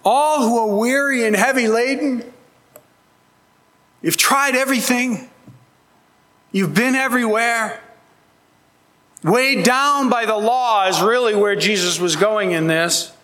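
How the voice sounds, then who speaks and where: A man's voice: extremely high pitch, takes it slowly, pauses often, sharp tone. A man preaching a sermon as pastor, earnest and emphatic, pleading with his listeners. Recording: long hall reverb.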